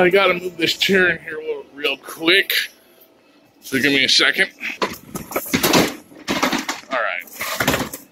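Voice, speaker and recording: A man's voice: on the high side, noisy background. A man talking casually in a home vlog, rambling and jokey with a self-mocking streak, filmed indoors on a handheld camera. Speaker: vlogger.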